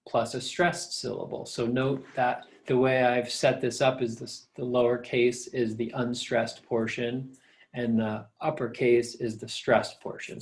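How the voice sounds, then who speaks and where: A middle-aged man, a professor, patiently explaining step by step in a recorded lecture. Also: medium pitch.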